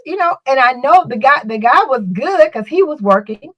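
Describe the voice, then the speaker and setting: Her voice sits high and is expressive, at normal speed with few pauses. As a podcast co-host, she tells a story in casual, rambling fashion, repeating words and restarting. The recording is rough.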